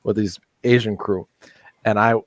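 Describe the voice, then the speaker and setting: A man on a casual panel show, telling animated anecdotes with blunt profanity. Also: lowish voice, unhurried, no echo.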